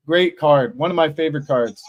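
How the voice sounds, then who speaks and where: A man hosting a live stream, reacting to fights in casual commentary, excited and emotional, repeating himself. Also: a little high, moderate pace, highs cut off. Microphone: streaming setup mic.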